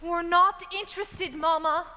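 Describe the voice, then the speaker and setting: A woman's voice: very high voice, fairly even intonation, unhurried, bright, forceful tone, heavily acted. A woman playing a prim, cold young librarian in a stage musical, curt and disapproving. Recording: stage with long hall reverb.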